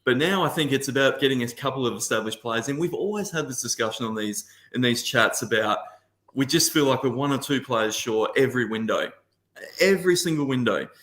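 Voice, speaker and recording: A man talks about football with a bright, forceful voice, full of passion but often circling back and restarting his sentences. He sounds like he is in an echoey room, on a casual podcast panel over a video call. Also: mid-range voice, animated, brisk. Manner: passionate, rambling with frequent restarts.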